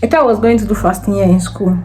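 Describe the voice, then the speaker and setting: A young woman, chatting excitedly to viewers in a casual vlog from her kitchen, recorded on a propped-up phone. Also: medium pitch, fast, heavy background noise. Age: young adult. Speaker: student vlogger. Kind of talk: casual vlog chat to camera. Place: home kitchen, indoors. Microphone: phone camera propped up nearby. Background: background music.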